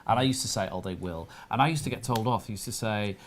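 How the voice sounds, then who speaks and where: A man's voice: mid-range voice, racing, slight background noise. A man, a studio guest, chatting enthusiastically about collectables. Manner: enthusiastic, gushing. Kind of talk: casual chat.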